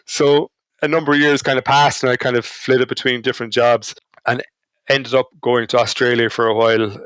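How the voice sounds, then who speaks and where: A man's voice: mid-range voice, level tone, normal speed, fairly bright tone, smooth, no echo. A man with an Irish accent, a podcast guest telling anecdotes in a casual, self-deprecating way. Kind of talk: casual storytelling chat.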